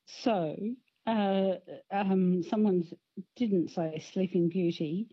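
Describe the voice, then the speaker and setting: A woman's voice: mid-range voice, takes it slowly, slightly rough, no echo. A woman calling in to a radio quiz, chatty and frank, on a dull phone line. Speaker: caller.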